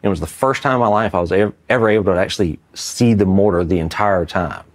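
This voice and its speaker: A man's voice: deep voice, fast. A middle-aged man from Mississippi, an Army veteran telling a war story in a casual, rambling interview, full of fillers.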